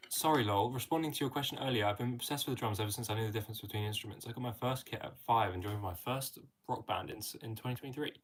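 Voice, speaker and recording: A man's voice: medium pitch, very fast, hardly any pauses, slight background noise. A young man with an English accent, casually reading out and answering viewer comments on a live stream. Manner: chatty, reads viewer comments aloud, friendly filler "mate". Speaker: livestream host answering chat.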